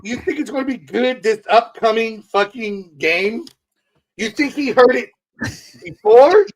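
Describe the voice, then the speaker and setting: Sports-show co-host, mid pitch, fired up and cursing, pushes hard. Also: animated, a little slow, poor audio. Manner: heated, profane and insistent. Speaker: podcast co-host. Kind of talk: casual sports chat.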